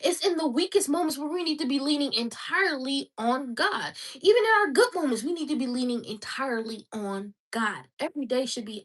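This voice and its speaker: A woman's voice: high-pitched, expressive, a little fast, hardly any pauses, fairly bright tone, recorded from a distance. A woman giving an emotional, preachy faith monologue, repeating her exhortations with passion and at times crying. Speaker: vlogger.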